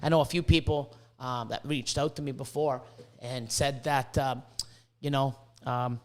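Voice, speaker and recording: A man hosting a casual podcast, rambling and swearing as he tells animated stories, hot and sweating in his room. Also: medium pitch, moderate pace. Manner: profane, rambling, animated storytelling. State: sweating, overheated. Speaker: podcast host, reptile breeder. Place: hot indoor room with a fan.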